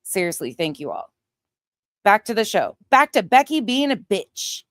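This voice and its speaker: A woman's voice: mid-range voice, very animated, moderate pace, dry recording, clean studio sound. A woman hosting a livestream, chatting casually and thanking viewers by name. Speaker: channel host.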